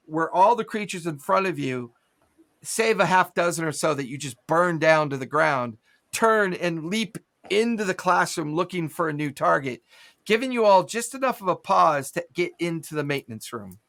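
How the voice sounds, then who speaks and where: Gravelly game master voicing gunfire. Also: male voice, on the high side, lively intonation, normal speed, fairly bright tone. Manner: vivid narration with gunfire sound effects. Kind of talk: narrating a tabletop game.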